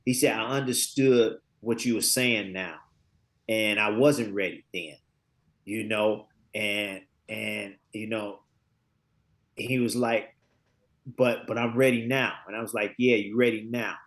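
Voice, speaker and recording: A man in his fifties, a guest on an interview podcast, telling lively stories and acting out conversations, often repeating words as he searches for what to say. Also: fairly low pitch, unhurried. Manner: lively storyteller who acts out quoted dialogue. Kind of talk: casual interview storytelling.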